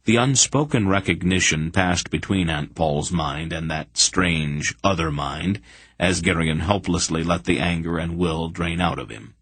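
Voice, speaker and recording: A man narrating a fantasy audiobook in a measured, deliberate reading. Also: deep voice, a bit bright, breathy edge, no echo. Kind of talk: scripted narration.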